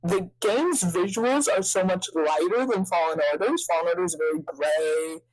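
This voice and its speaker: A woman hosting a podcast, chatting casually in a rambling, excitable way full of fillers. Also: lowish voice, normal speed, poor audio. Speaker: podcast host. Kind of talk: casual chat.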